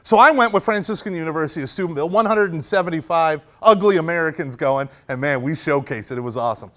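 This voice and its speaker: A man giving a humorous storytelling talk at a Catholic youth event. He is animated and jokey, and he breaks into shouting when he acts out parts of the story. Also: on the high side, fast talker.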